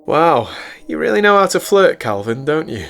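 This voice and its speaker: A woman's voice: low voice, very animated, normal speed, vocal fry, a bit bright, slight background noise, pitched above the performer's own voice, heavily acted. A man doing a teasing young American woman. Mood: mocking.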